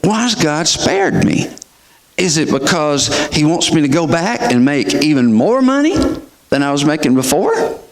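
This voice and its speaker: A man voicing an anxious wealthy businessman who asks himself searching questions, with lively pitch swings and a slow pace.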